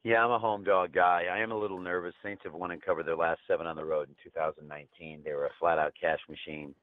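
A man's voice: low voice, flat delivery, fast, no room sound. A man talking sports betting in a brash, joking, trash-talking way. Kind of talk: casual betting talk. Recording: tinny phone-line sound.

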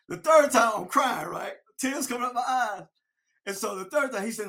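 A man telling a lively story about his youth football days, acting out his old coach. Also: sits high, brisk. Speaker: former football player. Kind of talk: storytelling interview.

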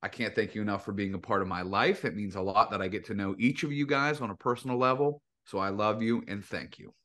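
A man speaks gently and sincerely in a relaxed podcast conversation. His voice sits on the low side. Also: fast. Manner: soft-spoken and heartfelt. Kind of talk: casual podcast chat.

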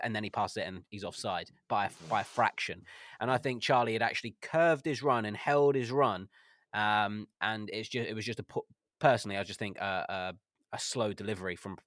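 A man co-hosting a casual football podcast, animated and acting out quoted lines. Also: lowish voice, dry recording, studio quality. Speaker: podcast co-host. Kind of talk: casual chat.

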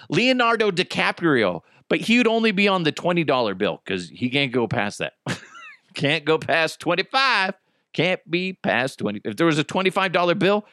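A man's voice: fairly high pitch, bright, forceful tone, no echo, studio quality. An American man hosting a podcast, chatting in a casual, jokey and profane rant. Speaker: podcast host.

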